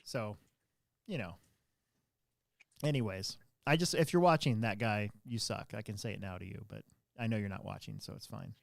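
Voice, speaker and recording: A man's voice: lowish voice, normal speed, gravelly, pauses often, no room sound. A man hosting a podcast, telling a story in casual chat and acting out quotes in a raised voice. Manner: animated, acts out quotes in a raised voice. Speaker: podcast host.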